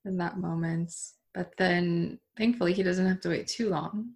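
Author co-host, woman, relaxed book chat, some vocal fry. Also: on the low side, normal speed. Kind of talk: casual book discussion.

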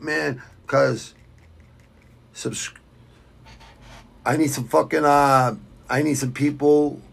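A middle-aged man from Southwest Quincy, Massachusetts, with a Boston accent, hosts a fight podcast, reading viewer comments in a blunt, rambling rant full of swearing. His voice is fairly high and fairly bright, slightly rough, with vocal fry.

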